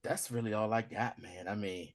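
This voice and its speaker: A man's voice: lowish voice, normal speed. A man co-hosting a casual movie review podcast, laughing often and acting out lines from scenes. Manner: animated, laughs often, acts out quotes from scenes. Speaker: podcast co-host.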